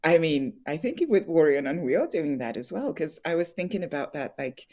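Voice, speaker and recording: A woman's voice: sits low, expressive, brisk, warm tone. A young woman, an actress, talking candidly in an interview, chatty, laughing often and full of fillers and restarts.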